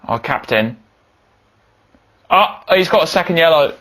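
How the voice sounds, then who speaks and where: A young man giving excitable commentary over a football video game, yelling when goals go in. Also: fairly high pitch, measured pace. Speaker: gaming YouTuber.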